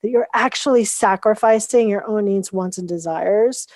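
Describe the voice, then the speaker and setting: Lively woman telling a story on a dry call. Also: medium pitch, moderate pace, no room sound. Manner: animated storyteller acting out quoted dialogue. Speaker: guest, founder of a coaching method. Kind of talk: casual storytelling interview.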